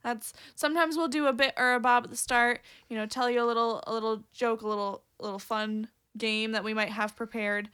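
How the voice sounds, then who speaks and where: A woman's voice: a little high, fairly even intonation, a little fast, hardly any pauses, bright, forceful tone, smooth. A woman co-hosting a casual podcast, rambling and playful, laughing often. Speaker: podcast co-host. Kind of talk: casual chat.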